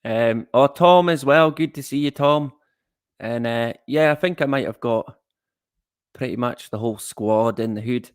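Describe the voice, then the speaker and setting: A man's voice: mid-range voice, fairly even intonation, unhurried, clear, resonant tone, no room sound, studio quality. A man hosting a casual livestream. He rambles from one thought to the next, greets viewers by name and chuckles at his own jokes. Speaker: livestream host.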